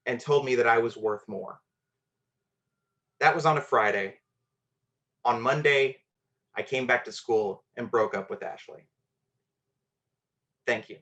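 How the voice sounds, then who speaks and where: A man's voice: medium pitch, a little slow, pauses often, fairly bright tone. A man telling a personal story on a storytelling show, conversational and self-deprecating, with fillers.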